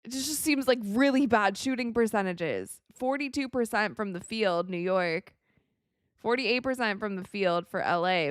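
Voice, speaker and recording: A young woman from the United States hosting a live watch party, chatting casually with viewers and reacting excitably to the game. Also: mid-range voice, normal speed, dry recording, studio quality. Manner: chatty, excitable, reads viewer messages aloud. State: tired, yawning.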